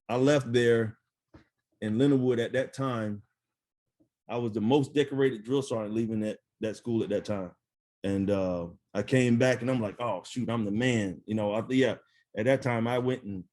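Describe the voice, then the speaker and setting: Speaking in a mid-range voice, a middle-aged man who once served as an army first sergeant tells stories in a casual interview. He's animated and laughs often, with lots of fillers.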